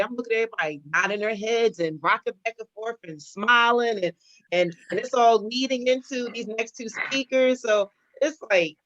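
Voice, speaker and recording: A woman's voice: medium pitch, a bit bright, no room sound, lo-fi sound. A woman hosting an online event in a chatty, playful way, full of "like" and restarts, over a video call. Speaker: event host.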